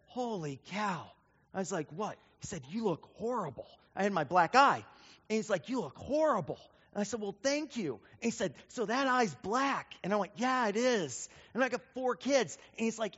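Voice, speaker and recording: A man preaching a sermon as pastor, telling stories and acting out the voices of the people in them. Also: very high voice. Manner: storytelling, animated, acts out quoted voices. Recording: dull sound with long hall reverb.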